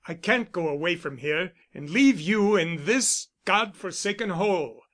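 A man's voice: high voice, lively intonation, a little slow, fairly bright tone, full character voice. A man reading the part of a persuasive, insistent suitor who speaks with urgent, coaxing force.

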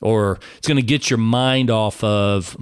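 A man's voice: on the low side, steady tone, unhurried, clear, resonant tone, no room sound, studio quality. A man giving an earnest personal testimony sermon, speaking straight to the listener and calling him brother.

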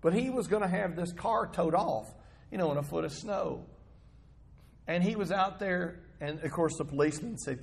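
A man's voice: high voice, moderate pace, creaky, husky. A male pastor giving a sermon in a conversational, storytelling manner, asking the congregation rhetorical questions.

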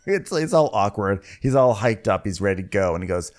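A man's voice: fairly low pitch, animated, moderate pace. A man co-hosting a casual recap podcast, telling the story in a dry, matter-of-fact way. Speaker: podcast co-host.

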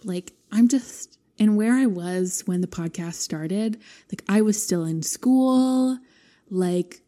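Young woman podcast co-host, casual, gushing, emphatic, mellow tone. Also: mid-range voice, takes it slowly. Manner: gushing, emphatic, laughs often.

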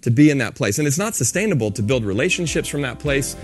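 Animated man telling a story to an audience. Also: medium pitch, fast, breathy edge, soft background music. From San Francisco. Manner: animated storyteller, acts out dialogue. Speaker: speaker on authenticity. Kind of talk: live talk to an audience.

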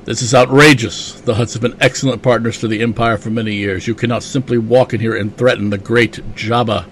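A man's voice: medium pitch, steady tone, brisk, slight background noise, close to an everyday voice. A man reading comic dialogue aloud as an indignant male alien underling, raised and outraged.

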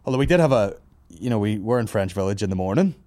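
Sweary Northern Irish man, low and dry. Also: lively intonation, fast talker, darkish tone, no room sound. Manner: sweary, laughs through his anecdotes. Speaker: podcast host. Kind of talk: casual comedic storytelling. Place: studio office.

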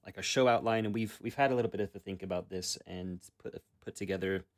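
Guy on a gaming podcast, lowish voice, lots of ums and restarts, just chatting. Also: fast talker. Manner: rambling, many fillers and restarts. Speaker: podcast co-host. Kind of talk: casual chat about tabletop games.

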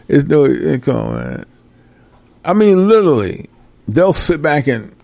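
A man with a gravelly, fry-laden voice rants through a casual talk show, exasperated and swearing freely. He breaks into laughter often, and the sound is close and dry. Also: on the high side, sing-song, slow, long pauses, a little mellow, no echo. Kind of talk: casual ranting commentary.

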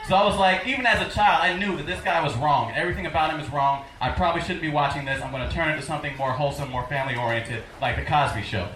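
A man's voice: on the high side, fast talker, few pauses, echoey room, very noisy. A man doing a stand-up set in a comedy club, telling sarcastic stories. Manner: storytelling, sarcastic.

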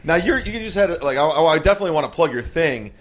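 A man's voice: on the high side, expressive, quick pace, a bit bright. A man hosting a podcast, egging his guests on in casual chat. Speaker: podcast host.

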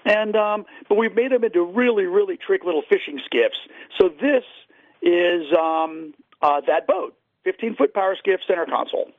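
A man's voice: high-pitched, animated, moderate pace, no room sound. A man telling fishing stories with enthusiasm, with many fillers, as a guest on a radio show. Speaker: fishing guide and boat seller. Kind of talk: casual radio interview. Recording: dry, tinny phone line.

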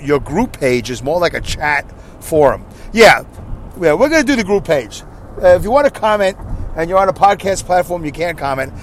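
A man with a high-pitched voice hosts his podcast from inside his car while driving, reading listener comments in a rambling, self-mocking way. The recording is low quality, with slight background noise.

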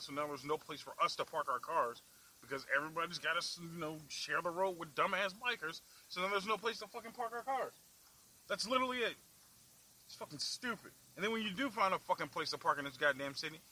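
A man's voice: sits high, bright, forceful tone, low-quality recording. Foul-mouthed man ranting in his car. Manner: angry, foul-mouthed, laughing at himself. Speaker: vlog host. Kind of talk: profane ranting while driving. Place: in a car in the city.

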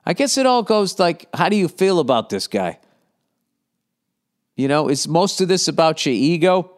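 A man's voice: a little high, sing-song, normal speed. A man hosting a casual advice podcast, talking in a blunt, profane, rambling way. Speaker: podcast host answering listener questions.

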